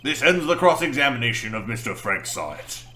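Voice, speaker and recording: A man voicing a stern older male judge in a game, making slow, formal pronouncements. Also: mid-range voice, very animated, bright, forceful tone, soft background music. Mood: solemn.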